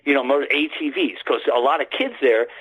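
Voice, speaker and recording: Husky-voiced man telling a long story. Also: mid-range voice, brisk, fairly bright tone, low-quality recording. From United States. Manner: rambling, with many restarts. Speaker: guest. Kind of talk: casual storytelling.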